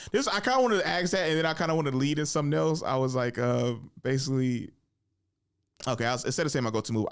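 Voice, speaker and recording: A man's voice: medium pitch, clear, resonant tone. A man in his twenties hosting his own podcast, telling stories casually with swearing and laughter. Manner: loose, profane, laughing. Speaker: podcast host. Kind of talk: casual solo storytelling.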